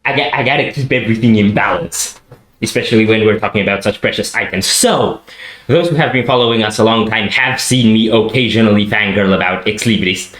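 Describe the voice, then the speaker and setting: Excitable man in an echoey room. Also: on the low side, fairly quick. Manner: enthusiastic fanboy rambling with restarts. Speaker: reaction show co-host. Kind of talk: casual reaction chat.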